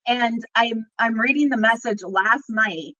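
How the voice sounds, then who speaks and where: A woman in her forties, a tarot reader guesting on an interview, telling a story with excitement and frequent laughter. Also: fairly high pitch, measured pace, dry recording, highs cut off. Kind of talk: casual interview chat.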